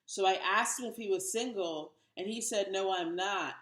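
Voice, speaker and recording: A woman's voice: mid-range voice, normal speed, fairly bright tone, reverberant. A woman in her thirties doing a wry, self-mocking stand-up comedy set. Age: 30s.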